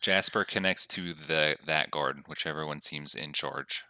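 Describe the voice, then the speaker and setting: A man's voice: rumbling low, measured pace, pushed and bright, no room sound, studio quality. A man playing in a tabletop game, joking casually with the table. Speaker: player.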